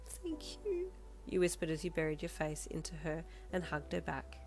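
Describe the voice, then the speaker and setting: A woman reading a fanfiction story aloud in second person, with calm, even storytelling. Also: deep voice, brisk. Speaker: fanfiction reader.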